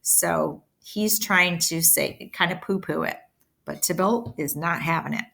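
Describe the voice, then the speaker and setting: A woman's voice: on the low side, a little slow, vocal fry. A woman teaching a play, reading its lines aloud and explaining them in plain terms. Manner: switches between plain explaining and lively line reading.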